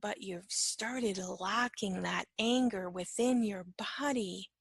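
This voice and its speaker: A woman's voice: mid-range voice, slow, creaky, husky, no room sound. A woman giving an informal spoken lesson, talking conversationally, often asking "right?" and sometimes dropping to a whisper. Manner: conversational, keeps asking "right?", acts out little dialogues; drops to a soft whisper at times. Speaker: empath teacher.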